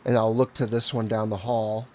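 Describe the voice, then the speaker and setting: A man playing a tabletop game, thinking out loud slowly and deliberately about his turn. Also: on the low side, little pitch movement, slight background noise. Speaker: player.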